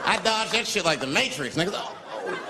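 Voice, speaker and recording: Brief: male stand-up comic, high and lively, spins a story in a reverberant theater over a laughing crowd. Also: fast, very noisy. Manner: animated, acts out characters with loud shrieks. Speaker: stand-up comedian. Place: large theater with live audience.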